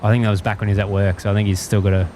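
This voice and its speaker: A man's voice: on the low side, level tone, very fast, darkish tone, a little hiss or hum. An Australian man hosting a live stream, chatting casually and chuckling as he greets viewers. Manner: easygoing, rambling, chuckles often. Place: outdoors at a plane-spotting spot by an airport.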